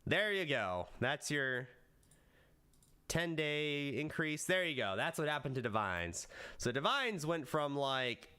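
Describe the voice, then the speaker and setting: A man on a casual live stream with a very animated, wide-ranging voice. He chats loosely with his viewers and tries out lines for a video in bursts of high excitement. Between those bursts he drops into quiet, low muttering. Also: clear, resonant tone. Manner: rehearses video lines aloud. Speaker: VTuber streamer.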